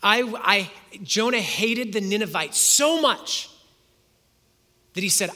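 A man's voice: high-pitched, expressive, slow, pauses often, bright, forceful tone. A man preaching a sermon, retelling a story, reading scripture and asking the listeners rhetorical questions. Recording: long hall reverb.

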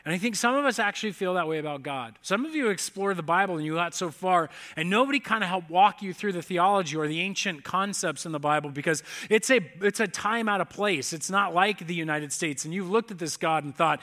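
A male pastor delivers a sermon as a relaxed, conversational story. His voice sits high for a man and rings bright, and he turns often to the congregation with direct questions and self-deprecating humor. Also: fairly quick, few pauses.

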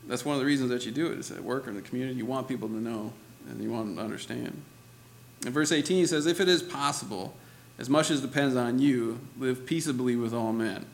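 A man's voice: mid-range voice, fast, creaky. A man preaching a sermon in a church, talking conversationally and laughing often, with lots of "you know" and "right?". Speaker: pastor.

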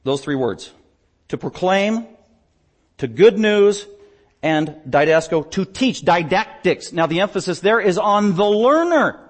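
A man's voice: sits high, animated, measured pace. Emphatic male preacher, rising and falling. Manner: emphatic, swings between loud declarations and quiet asides. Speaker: pastor. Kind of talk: sermon. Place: church stage.

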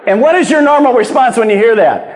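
A man preaching a sermon as pastor, swinging from loud emphasis to hushed, low lines. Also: expressive, quick pace, in a large hall, some chatter behind. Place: church auditorium.

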